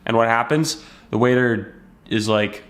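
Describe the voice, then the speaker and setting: A man speaking casually to his viewers about self-improvement. He explains his point through a story and slips into bits of acted-out dialogue as he goes. His voice sits at an ordinary middle pitch for a man. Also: a little slow, fairly bright tone. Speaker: self-help video creator. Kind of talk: casual motivational talk to camera.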